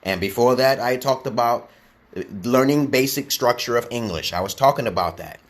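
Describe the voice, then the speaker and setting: A man's voice: medium pitch, moderate pace. A man streaming casually as an online English teacher, who rambles and lectures, tags his sentences with "okay?" and answers viewer comments.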